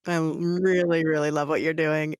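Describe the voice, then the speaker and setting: A woman hosting a podcast interview, speaking in a measured, admiring way. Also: low voice, flat delivery, smooth, dry recording, studio quality. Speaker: podcast host.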